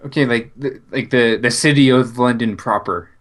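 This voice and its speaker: A man's voice: mid-range voice, moderate pace. A man co-hosting a casual chat show, making dry wisecracks. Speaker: co-host.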